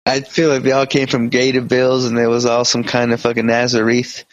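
A man's voice: medium pitch, monotone, brisk, dry recording. A man co-hosting a podcast, reading out a story in casual chat with crude jokes. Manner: crude, joking storyteller who slips into voices for quotes. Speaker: podcast co-host. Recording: dry, dull lo-fi sound.

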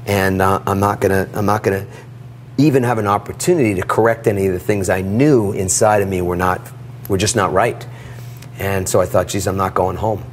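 A middle-aged man telling a personal story in an interview, animated and acting out the dialogue. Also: low-pitched, fairly quick, a little hiss or hum. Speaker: guest.

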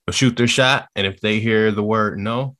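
A man hosting a casual podcast chat, relaxed and agreeable as he wraps up topics. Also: fairly low pitch, normal speed. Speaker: podcast host.

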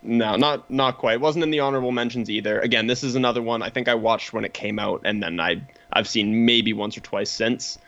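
A man co-hosting a podcast in casual chat, relaxed and agreeable, laughing easily. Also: mid-range voice, fairly quick, hardly any pauses. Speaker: podcast co-host. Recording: slightly dull, lo-fi mic.

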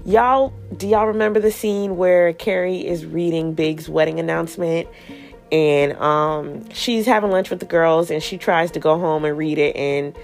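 A woman's voice: low voice, fairly even intonation, normal speed, gravelly, soft background music. A woman hosting a podcast, recapping a TV show in casual, slangy chat, swearing freely and acting out characters' lines as she retells scenes.

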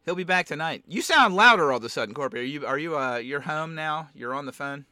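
A man's voice: on the high side, lively intonation, quick pace, pushed and bright, dry recording. A man hosting a casual sports chat, rambling and often sidetracked, with a sore, cough-prone throat. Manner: rambling, keeps getting sidetracked. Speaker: podcast host.

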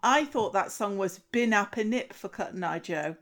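A woman's voice: medium pitch, animated, moderate pace, a bit bright. A woman chatting casually and rambling about misheard song lyrics, laughing often. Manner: giggly, rambling. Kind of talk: casual banter.

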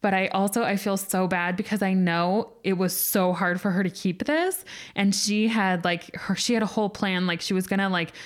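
A young woman co-hosts a relaxed podcast chat. She tells a personal story in a chatty way, leaning on "like" again and again. Her voice sits at a middle pitch. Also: moderate pace. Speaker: podcast co-host. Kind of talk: casual chat.

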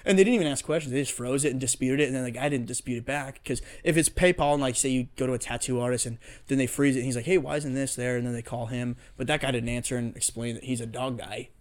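A man's voice: medium pitch, fairly even intonation, fast talker, few pauses. A young man hosting a casual podcast chat, swearing a lot and acting out quotes as he rambles through a story. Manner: profane, rambling storyteller who acts out quotes. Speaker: podcast host.

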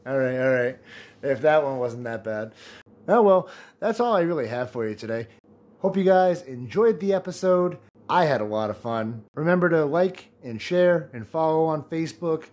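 A man's voice: on the high side, lively intonation, moderate pace, darkish tone. A man in his late twenties hosting a casual solo podcast, telling jokes and laughing at his own punchlines. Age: 20s. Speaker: podcast host.

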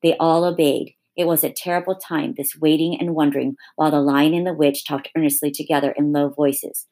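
A woman reading a children's novel aloud in a steady, expressive storytelling manner. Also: sits low, a little fast. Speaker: reader.

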